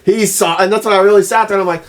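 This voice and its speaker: A man chatting casually, telling animated stories full of swearing and acted-out quotes. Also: high voice, very fast. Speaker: airsoft player. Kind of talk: casual chat.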